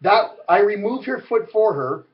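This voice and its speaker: High-voiced man ranting, profane and heated. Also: animated, unhurried, dull audio. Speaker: vlogger. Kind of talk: angry rant to camera.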